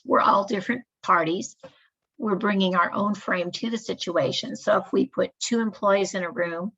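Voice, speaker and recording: A woman giving a measured, explanatory staff training lecture. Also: mid-range voice, creaky, fairly bright tone, slightly rough. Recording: dull lo-fi recording.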